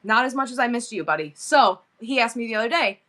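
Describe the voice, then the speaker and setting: A woman's voice: a little high, animated, quick pace, pushed and bright. A woman in her forties hosting a live selling stream, talking emotionally about her son and gushing thanks to viewers. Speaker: livestream seller.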